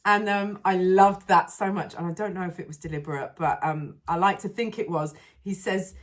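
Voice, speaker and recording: A woman's voice: lowish voice, fairly even intonation, normal speed. A woman co-hosting a podcast, chatting about a film with enthusiasm, frequent laughs and lots of ums and uhs. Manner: enthusiastic, giggly, lots of fillers. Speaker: podcast co-host. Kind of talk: casual film discussion.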